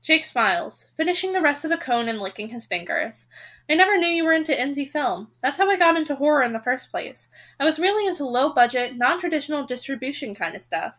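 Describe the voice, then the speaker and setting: Woman, high voice, bright tone, casual novel reading, own voices for the characters. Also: expressive, brisk. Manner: breaks off reading to rant, swearing and laughing; quiet, low-key aside after the break. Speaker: audiobook reader. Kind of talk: reading a novel aloud with her own reactions.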